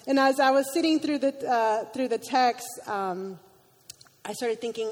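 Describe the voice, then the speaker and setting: A woman's voice: on the high side, unhurried, darkish tone. A woman preaching a sermon, reading scripture aloud with emotion, sometimes stumbling and correcting herself. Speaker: guest preacher. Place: church sanctuary. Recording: long hall reverb.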